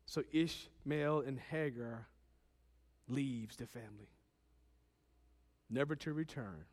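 A man preaching a sermon, swinging from loud, emphatic lines to quiet ones and acting out Bible characters. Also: mid-range voice, slow pace, long reverb tail.

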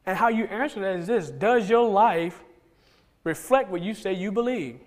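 High-voiced man preaching in a reverberant hall. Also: moderate pace. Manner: conversational preaching with frequent restarts and rising excitement. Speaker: pastor. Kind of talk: sermon. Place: church sanctuary.

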